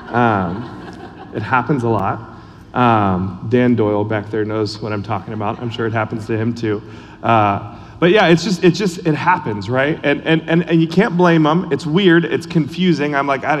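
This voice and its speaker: A man's voice: medium pitch, normal speed. A man preaching a sermon as a church pastor, chatty and casual, with many fillers and restarts. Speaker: online and missions pastor. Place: church sanctuary. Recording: long hall reverb.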